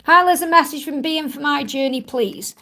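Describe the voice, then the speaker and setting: Woman doing a live card reading, high voice with some fry, chatty and reassuring. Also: moderate pace, bright, forceful tone, poor audio. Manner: chatty, reassuring, rambling with many "you know"s. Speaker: psychic reader hosting live Q&A.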